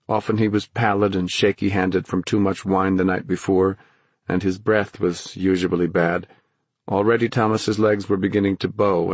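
A man narrating a fantasy audiobook in a measured, dramatic storytelling manner. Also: low voice, darkish tone, husky, no echo.

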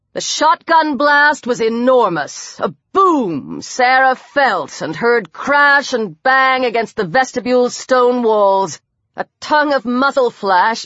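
A woman's voice: a little high, fairly bright tone, no room sound, lo-fi sound. A woman reading a dramatic horror novel aloud as audiobook narrator.

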